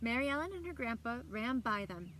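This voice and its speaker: A woman librarian reading a children's story aloud with an animated, expressive delivery. Her voice is bright and fairly high, swooping through lively pitch. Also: fairly quick, a little hiss or hum.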